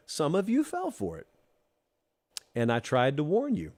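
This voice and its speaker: A man's voice: fairly high pitch, huge pitch swings, measured pace, long pauses, darkish tone. A man from Georgia hosting a college football talk show, giving opinionated commentary with a wry, teasing, emphatic manner as he speaks straight to the fans. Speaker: show host.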